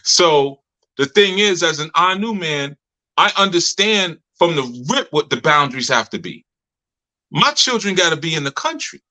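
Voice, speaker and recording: Bright-voiced man telling stories, laughing often. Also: a little high, very animated, moderate pace, low-quality recording. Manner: laughs often, loose colloquial storytelling. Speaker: community leader speaking to members. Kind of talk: casual storytelling talk.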